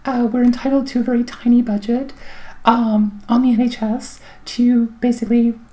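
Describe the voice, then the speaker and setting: A middle-aged woman chats through a personal update in a fairly high, mellow voice. She rambles with plenty of ums and likes and drops dry, wry remarks, while a clogged throat makes her pause to clear it again and again. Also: flat delivery. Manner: chatty, rambling, wry, many fillers. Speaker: vlogger.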